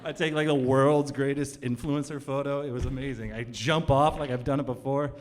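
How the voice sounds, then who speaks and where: A man's voice: medium pitch, a little fast. A man telling a comic true story live on stage before an audience, acting out the dialogue. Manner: animated, comic, acts out dialogue. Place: cultural center stage, in front of an audience.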